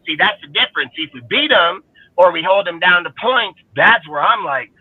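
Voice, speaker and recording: A man's voice: sits high, lively intonation, normal speed, breathy edge, dry recording. A heated, foul-mouthed man rants through fan commentary on a live stream. His voice comes through thin and phone-like, dry with no room around it. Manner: heated, profane, ranting. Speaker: fan show panelist. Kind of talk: profane ranting fan commentary. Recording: phone-like call audio, dry.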